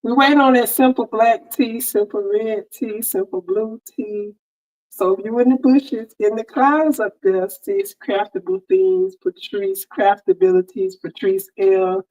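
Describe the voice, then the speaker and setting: The audio is poor, but you can hear a mid-range, somewhat dark voice that's expressive and a little slow. It belongs to a sewing crafter hosting a casual livestream on a headset mic, cheerfully greeting people in chat by name.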